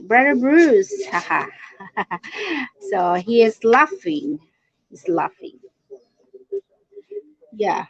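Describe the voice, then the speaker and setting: A woman's voice: sits high, dull audio. A woman from the Philippines with a Filipino accent, chatting casually on a live stream and greeting her viewers. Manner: chatty, greets viewers and reads their comments aloud.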